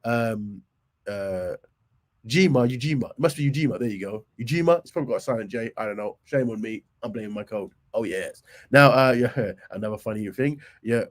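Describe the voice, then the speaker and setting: Hoarse from a cold, a livestream host chats casually, reading out points and muttering asides that trail off. His voice is fairly low in pitch and his delivery brisk.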